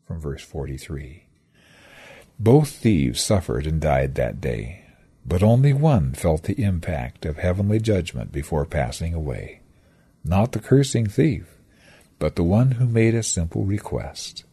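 A man's voice: low voice, very animated, unhurried, dark tone, husky. A man reading a scripted devotional that retells scripture stories with reflective, dramatic storytelling. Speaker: devotional speaker.

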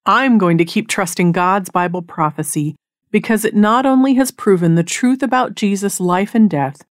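A woman giving an earnest, measured devotional narration that reads out Bible passages. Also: mid-range voice, no room sound, clean studio sound. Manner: measured, earnest reading of scripture. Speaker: Bible teacher.

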